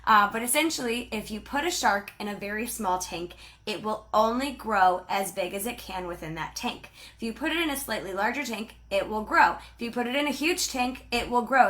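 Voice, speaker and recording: Bubbly, bright-voiced woman trainer. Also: on the high side. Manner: bubbly and chatty, talks fast. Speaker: sales team director and trainer. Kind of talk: live-streamed training talk.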